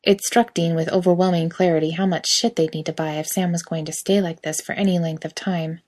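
A woman reading a story aloud in steady, quiet narration. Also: on the low side, fairly quick. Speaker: reader.

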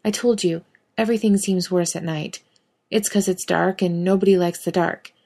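Blunt, swearing young male hunter, awkward with feelings, a slightly low voice, read by a woman; audiobook fan fiction reading. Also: fairly even intonation, moderate pace, vocal fry, darkish tone. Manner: swears bluntly, fumbles for words.

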